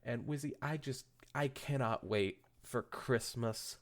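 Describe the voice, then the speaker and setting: A man's voice: medium pitch, unhurried. A man hosting a podcast, reading fan fiction aloud with casual joking asides, stumbling and correcting himself as he goes. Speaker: podcast host.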